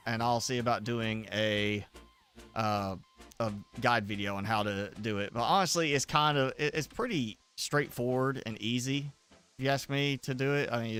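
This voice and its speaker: A man with an ordinary mid-range voice chats casually on his game livestream. His explanations ramble and double back as he talks to viewers. A faint guitar track plays quietly behind him. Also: mid-range voice, smooth. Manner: loose, rambling explanations with frequent restarts. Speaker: game streamer.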